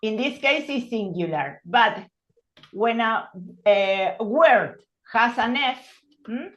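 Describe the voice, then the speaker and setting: A woman's voice: fairly high pitch, animated, slow pace, lo-fi sound. A woman teaching an online English lesson, explaining patiently and checking in with "hmm?".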